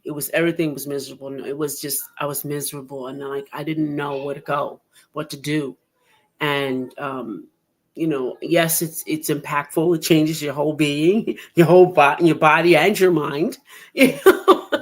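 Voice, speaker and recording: Animated, laughing woman podcast host. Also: sits low, normal speed. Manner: animated storyteller who laughs often and acts out quotes. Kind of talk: casual interview chat.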